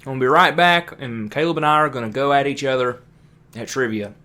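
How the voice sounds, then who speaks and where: A man's voice: medium pitch, brisk, bright, forceful tone. A man co-hosting a podcast, chatting casually with teasing, competitive banter. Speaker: podcast co-host. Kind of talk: casual chat.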